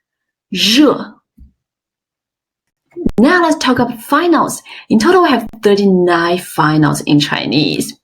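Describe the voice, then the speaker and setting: A woman teaching an online language class, modeling sounds slowly and with exaggerated tones, praising often. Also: medium pitch, sing-song. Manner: slow, careful, exaggerated tone demonstrations; encouraging, frequent praise. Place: online webinar.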